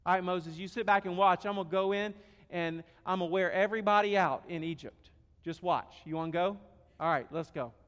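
Preacher doing God, calm and firm, lower voice, echoey hall. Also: male voice, fairly quick, clear, resonant tone. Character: calm, patient God speaking to Moses.

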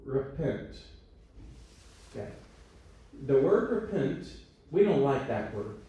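Leading a conversational church training talk, a man checks in with his listeners and cracks self-deprecating jokes. His mid-range voice is sing-song, slow, and dark, and the audio sounds dull. He is far off in a very echoey church meeting room.

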